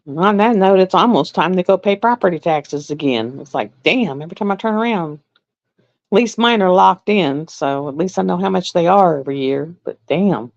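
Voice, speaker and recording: A middle-aged woman hosting a live stream in casual chat, blunt and repetitive, often quoting herself in an even higher voice. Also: normal speed. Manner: chatty, blunt, drawling, repeats herself. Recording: dry, dull lo-fi sound.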